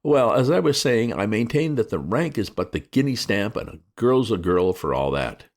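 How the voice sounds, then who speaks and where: A man voicing a breezy, flippant young gentleman who chatters excitably. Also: lowish voice, moderate pace, voice pushed up.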